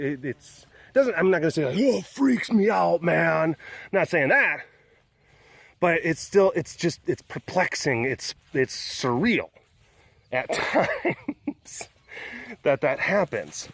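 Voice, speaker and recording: A man's voice: on the high side, big pitch swings, slow, fairly bright tone, no room sound. A man hosting his own webcast, telling a story in a casual, rambling way, self-deprecating and laughing often. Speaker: webcast host.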